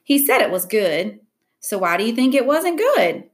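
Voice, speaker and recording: A woman's voice: fairly high pitch, big pitch swings, normal speed. A woman reading an audiobook, voicing a caring but weary mother. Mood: exasperated.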